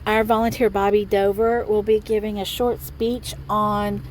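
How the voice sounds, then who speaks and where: A woman's voice: mid-range voice, flat delivery, measured pace, rough recording. Middle-aged woman, casual rambling vlog talk, lots of fillers, recorded in a truck with faint background noise. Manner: chatty and rambling, with many fillers. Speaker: vlogger. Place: inside a parked truck.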